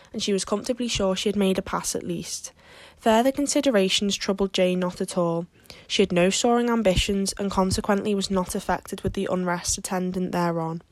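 Female audiobook narrator, measured and steady delivery, mid-range voice. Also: mid-range voice, dry recording. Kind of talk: audiobook reading of a classic novel.

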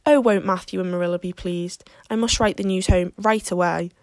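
A woman's voice: lowish voice, fairly even intonation, moderate pace, a little mellow, dry recording, studio quality, lightly acted. A woman reading an earnest, wordy teenage girl. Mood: joyful. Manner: impassioned, wordy.

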